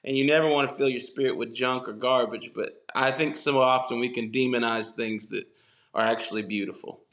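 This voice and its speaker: A man with a Southern US accent, a guest musician on a podcast, telling stories in an animated, laughing way. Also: medium pitch, a little fast. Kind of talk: casual podcast chat.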